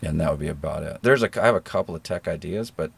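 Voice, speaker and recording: A middle-aged man with a generic American accent, a guest in a relaxed interview, telling stories in an easygoing, self-deprecating way. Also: rumbling low, quick pace, vocal fry, slightly rough. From rural Georgia, American South. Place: living in New Zealand.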